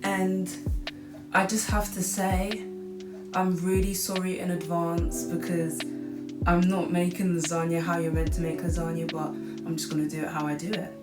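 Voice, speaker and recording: A woman's voice: on the low side, flat delivery, normal speed. A young woman in her late teens, chatting casually through a cooking vlog in a rambling way, filling her talk with "like". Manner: chatty and rambling, heavy use of "like". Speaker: cooking vlogger. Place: home kitchen, seated at the counter. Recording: echoey room, far from mic, music behind.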